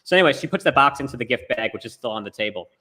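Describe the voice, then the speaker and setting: Fast, bright-voiced man telling a story. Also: mid-range voice, expressive. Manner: rambling storytelling full of "like" fillers. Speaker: storyteller on a talk show. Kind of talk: casual chat. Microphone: remote video call.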